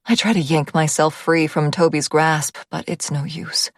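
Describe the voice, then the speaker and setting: A woman narrating a romance thriller audiobook in the first person, with a low-key, steady delivery. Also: normal speed, few pauses, no room sound, clean studio sound.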